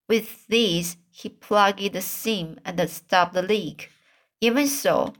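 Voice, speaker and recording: A woman reading a children's book aloud, halting often and restarting stumbled words. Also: medium pitch, fairly bright tone. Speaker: reader.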